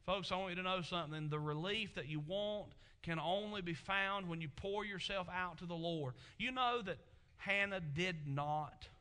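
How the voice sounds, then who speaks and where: A man preaching from the pulpit with a high, bright voice. He delivers the sermon emphatically and often swells into loud exclamations. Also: moderate pace, hardly any pauses, smooth. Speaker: pastor.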